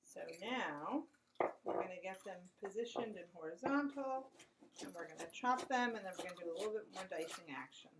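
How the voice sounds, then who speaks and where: A woman hosts a casual cooking lesson, talking through each cut step by step in an easy, conversational voice. Her pitch sits in the middle, neither high nor low. Loud clatter of dishes and pans rings out behind her in a home kitchen. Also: animated, a little fast, heavy background noise. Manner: chatty step-by-step instruction, aside to a child. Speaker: cooking show host.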